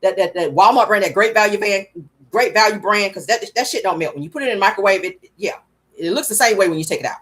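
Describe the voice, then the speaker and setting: A woman's voice: mid-range voice, quick pace, a bit bright, natural voice. A woman voicing an imitation of a giddy, clueless woman who is happy to be in jail and chatty about the food.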